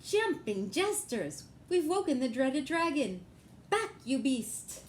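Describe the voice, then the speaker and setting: A woman's voice: sits high, sing-song, slow, slight background noise, voice pushed up, full character voice. A woman voicing a brave young elephant knight who declaims boldly in a raised voice. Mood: heroic. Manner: heroic, declaiming.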